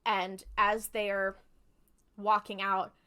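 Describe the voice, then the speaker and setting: Bright-voiced woman recapping chattily. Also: mid-range voice, little pitch movement, extremely slow, clear, resonant tone. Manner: chatty retelling, many fillers, swears freely. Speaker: podcast co-host recapping episodes. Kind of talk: casual chat.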